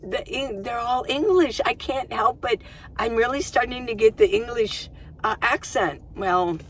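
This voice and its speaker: A woman's voice: on the high side, unhurried, slight background noise. A middle-aged woman vlogging from inside her minivan, chatting casually and rambling, often restarting her sentences. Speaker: van-life vlogger. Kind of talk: casual chat to camera.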